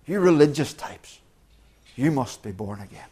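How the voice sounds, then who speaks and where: He preaches in an expressive, slightly rough voice of medium pitch, at a moderate pace. His earnest, emphatic delivery features frequent restarts and sudden loud stresses on important words.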